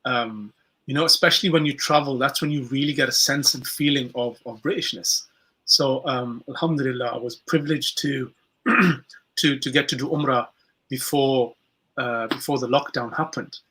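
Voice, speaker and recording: Bright, husky man musing thoughtfully. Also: mid-range voice, fairly even intonation, normal speed. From United Kingdom. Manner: thoughtful, reflective, with hesitant fillers. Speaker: podcast co-host. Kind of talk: podcast discussion.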